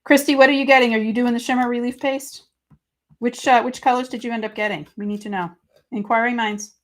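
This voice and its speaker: A woman's voice: fairly high pitch, a little fast. A woman hosting a live papercrafting stream, chatting casually with viewers and reading their comments while she works. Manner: chatty, reads viewer comments aloud, excitable. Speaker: host of a live crafting stream.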